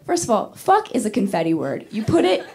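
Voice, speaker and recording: A woman's voice: mid-range voice, a little fast, gravelly, slight background noise. Brash, foul-mouthed woman doing stand-up. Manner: brash, profane, animated storytelling. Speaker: stand-up comic. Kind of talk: stand-up comedy set. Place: comedy club stage.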